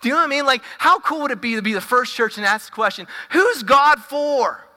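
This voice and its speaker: A woman pastor giving a casual, animated sermon, stumbling over and repeating words as she goes. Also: fairly high pitch, very fast. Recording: long reverb of a large hall.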